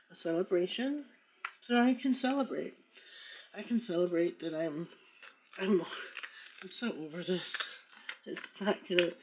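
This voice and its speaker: A woman talking slowly and haltingly in a personal monologue, moving between hurt and defiance while reading tarot cards. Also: lowish voice, a little mellow, a little hiss or hum. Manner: slow, halting, with many restarts and pauses; pained and defiant in turns. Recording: dull lo-fi recording.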